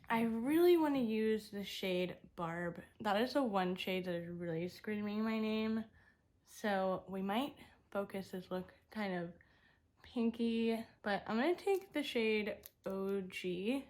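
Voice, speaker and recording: A young beauty vlogger talks casually through each step of her makeup as she swatches eyeshadow. Her voice is medium-pitched and she takes her time.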